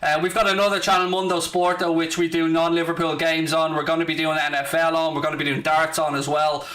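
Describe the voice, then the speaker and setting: A man's voice: fairly high pitch, little pitch movement, quick pace, fairly bright tone. A man from South Dublin with a Dublin Irish accent, chatting casually and sarcastically as a football watchalong streamer, swearing freely in brash banter. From Ireland (South Dublin). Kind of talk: casual live-stream chat.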